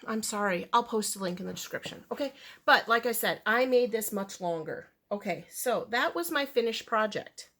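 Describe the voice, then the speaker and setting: Casual woman vlogger, slightly high voice, rambling and full of fillers. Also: expressive, moderate pace, a bit bright. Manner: chatty, rambling, with fillers and self-corrections. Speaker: crochet vlogger. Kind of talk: casual chat to camera.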